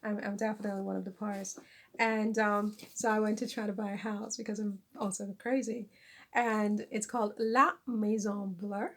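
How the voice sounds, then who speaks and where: Woman, casual vlog chat, self-deprecating, laughs at herself, gravelly. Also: medium pitch, level tone, moderate pace. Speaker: vlogger and author. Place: lives in France.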